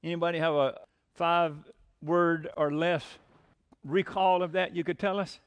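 A man's voice: a little high, fairly even intonation, a little slow, clear, resonant tone. A man preaching a sermon in a conversational way, with frequent fillers, rising to emphatic bursts when quoting scripture. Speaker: pastor.

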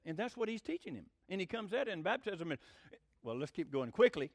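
A man's voice: high-pitched, sing-song, brisk, dry recording, studio quality. A middle-aged man, a pastor teaching a Bible lesson in an emphatic sermon style and asking the congregation questions.

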